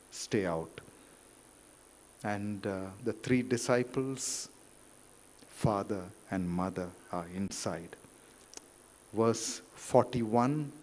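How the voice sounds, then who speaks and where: A man preaching a sermon in a church, rising loud for quotes and dropping quiet. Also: medium pitch. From India. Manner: slow, deliberate, rises loud for quotes then drops quiet. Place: church hall. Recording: reverberant church hall.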